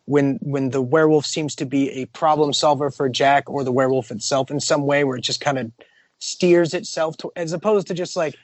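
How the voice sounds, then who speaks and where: A man's voice: on the high side, fairly even intonation, a little fast, dry recording. Jokey rambling podcast man. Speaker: podcast co-host. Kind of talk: casual comic-book discussion.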